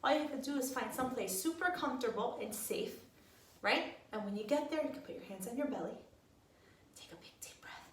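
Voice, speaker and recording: Sing-song teacher, echoey room. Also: female voice, on the high side, lively intonation, quick pace. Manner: gentle, sing-song, encouraging. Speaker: preschool teacher. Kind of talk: guiding children through breathing exercises. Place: room at home. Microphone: camera at a distance. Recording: echoey room, mic far off.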